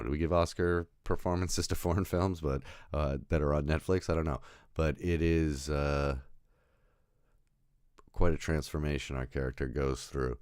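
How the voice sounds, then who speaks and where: A man's voice: extremely low pitch, dry recording. Male film reviewer, casual and rambling, full of restarts and swearing, recorded very dry. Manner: rambling, self-interrupting, laughs at own jokes, swears.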